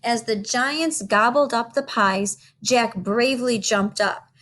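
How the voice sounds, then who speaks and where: A woman teacher reading a storybook aloud to children, slow and expressive. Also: a little high.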